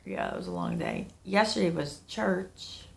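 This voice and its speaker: Low-voiced gravelly woman vlogging. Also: wildly swooping pitch, moderate pace. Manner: chatty, candid, rambling. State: sniffling, under the weather. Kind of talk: casual talk to camera.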